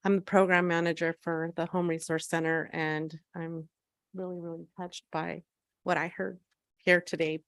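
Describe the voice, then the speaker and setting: A woman, a shelter program manager, giving an earnest, emotional public comment at a city council meeting, halting often with fillers. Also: on the low side, little pitch movement, dry recording.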